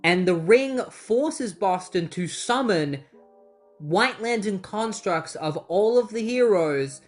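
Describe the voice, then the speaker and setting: Casual comic recap voice, middle pitch, chatty and a bit fed up. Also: animated, slow, faint music behind. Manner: chatty, exasperated asides. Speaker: comic book reviewer.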